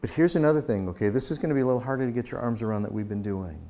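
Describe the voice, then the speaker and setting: A man with a warm, mid-range voice speaks very fast as a pastor giving a conversational conference talk. He acts out the quoted exchanges in his stories.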